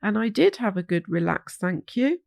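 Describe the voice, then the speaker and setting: A woman's voice: sing-song, normal speed, vocal fry, no room sound. A woman voicing a cheerful, polite little boy hog in a children's storybook. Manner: bright, eager, high childlike voice.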